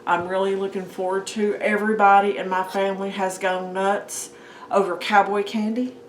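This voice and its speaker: A woman's voice: medium pitch, little pitch movement, moderate pace, slight background noise. A woman hosting a home cooking video, chatting casually to her viewers as she works in her kitchen. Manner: chatty, talks to viewers as guys and folks. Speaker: home cooking channel host. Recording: echoey kitchen room. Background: clinking dishes and utensils.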